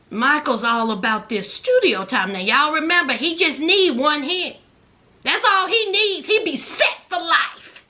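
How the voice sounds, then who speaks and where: Chatty woman dishing on reality tv, super high bright voice, slow and easygoing. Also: expressive. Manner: chatty and gossipy, laughs often, calls listeners honey. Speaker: reality TV recap vlogger. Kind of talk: casual commentary.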